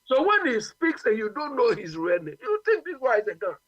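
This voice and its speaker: This Ghanaian man, a guest on a radio talk show, argues his views emphatically and keeps repeating "you understand?" His voice is very high and a bit bright, with huge pitch swings and a slightly fast pace. The audio is lo-fi with no room sound.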